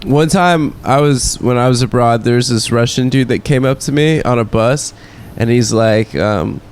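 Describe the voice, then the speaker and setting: A man's voice: medium pitch, moderate pace, darkish tone, a little hiss or hum. A man co-hosting a comedy podcast, telling laid-back anecdotes in casual banter. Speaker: podcast co-host.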